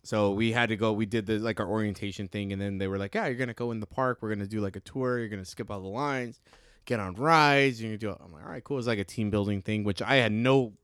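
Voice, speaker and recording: A man co-hosting a podcast tells a crude, laughing story in loose casual chat. His voice is smooth and resonant. The sound is dry and close, with no room around it. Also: fairly low pitch, fairly even intonation, fast talker, fairly bright tone, dry recording. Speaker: podcast co-host.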